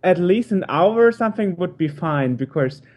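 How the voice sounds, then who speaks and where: Higher-voiced male interviewer, muffled sound. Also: expressive, normal speed. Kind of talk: casual interview talk.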